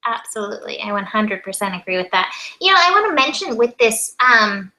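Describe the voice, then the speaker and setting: A woman's voice: mid-range voice, brisk, bright, forceful tone, low-quality recording. A woman co-hosting a tarot chat, upbeat and enthusiastic, often giggling. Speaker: co-host tarot reader. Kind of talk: casual spiritual chat.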